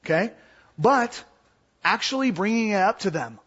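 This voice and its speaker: A husky, high-voiced man teaches a class from the Bible, animated and casual, acting out the voices of those he quotes. He moves at a moderate pace with long pauses, and the recording is dull and lo-fi.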